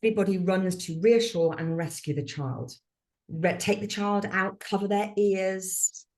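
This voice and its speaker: An older woman in casual interview chat, a former midwife explaining at length in a lively, animated way. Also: medium pitch, unhurried. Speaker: podcast guest, former midwife and author.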